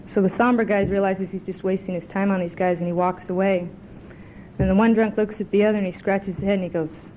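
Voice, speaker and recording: A woman's voice: mid-range voice, steady tone, a little fast, mellow, a little hiss or hum, poor audio. A woman speaking at a recovery meeting, a chatty, self-mocking storyteller who tells a joke. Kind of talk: personal recovery talk with a told joke. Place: club meeting room.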